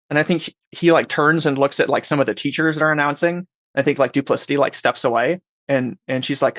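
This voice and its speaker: A young man running a tabletop game as game master. He narrates haltingly, with many restarts. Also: a little high, fairly bright tone, no echo.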